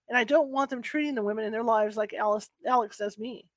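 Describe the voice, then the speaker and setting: A woman reading a first-person novel aloud in a soft, unhurried way, with small restarts. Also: a little high, dry recording. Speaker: book reader.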